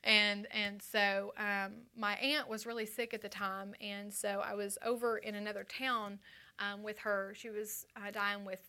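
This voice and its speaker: Bright, chatty woman telling her testimony. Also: medium pitch, little pitch movement, unhurried. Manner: chatty, acts out quoted voices, frequent fillers. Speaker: speaker giving her testimony. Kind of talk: storytelling personal testimony.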